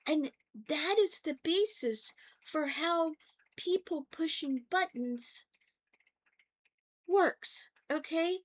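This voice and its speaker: An older woman, a therapist, hosts her own vlog and tells stories casually to camera, checking in with her listeners as she goes by often asking "okay?". Her voice sits high and moves extremely slowly.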